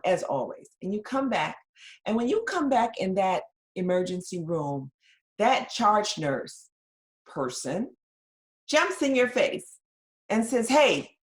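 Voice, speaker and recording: Lower-voiced woman giving a webinar. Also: sing-song, unhurried. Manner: conversational, addresses listeners directly with frequent "right?". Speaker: webinar presenter. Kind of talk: webinar lecture.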